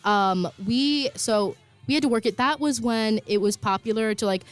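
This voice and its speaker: A woman's voice: on the high side, moderate pace, faint music behind. A woman in her twenties co-hosting a student radio show, chatting casually with frequent laughs and fillers. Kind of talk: casual on-air chat. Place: college radio studio.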